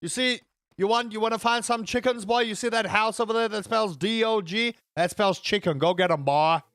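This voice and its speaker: A man doing an impression of a blustery male cartoon rooster, with a booming Southern drawl and stammered "I say" phrases. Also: fairly quick, a bit bright, clear, resonant tone, dry recording, clean studio sound. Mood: blustering.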